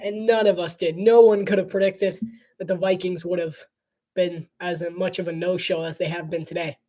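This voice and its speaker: A woman giving casual live commentary on a football game, chatty and playful and quick to laugh. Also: lowish voice, steady tone, dark tone.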